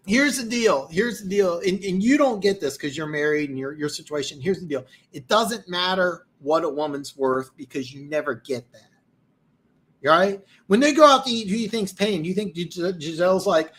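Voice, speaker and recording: A man's voice: sits high, animated, moderate pace, a bit bright. A man hosting a live football stream, tired and losing his voice, rambling boastfully with many restarts. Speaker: host. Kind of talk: live-stream football talk, reading comments.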